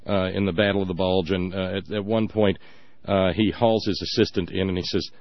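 A man hosting casual political talk, wry and thoughtful, who tells stories with pauses and fillers, on slightly muffled audio. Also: low-pitched, fairly even intonation, no room sound.

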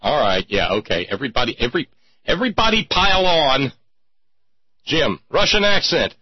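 A man's voice: medium pitch, sing-song, moderate pace, breathy edge, no room sound. A man hosting a talk show, giving casual, wry and digressive commentary with a sarcastic edge. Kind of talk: casual radio-style commentary. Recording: dull lo-fi recording.

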